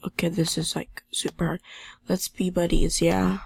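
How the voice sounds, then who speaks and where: A woman's voice: lowish voice, flat delivery, normal speed, vocal fry, darkish tone, husky, dry recording. A teenage girl with a sore throat, talking in a subdued way over gameplay and reading chat messages aloud. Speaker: gaming channel host. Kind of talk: casual gameplay commentary.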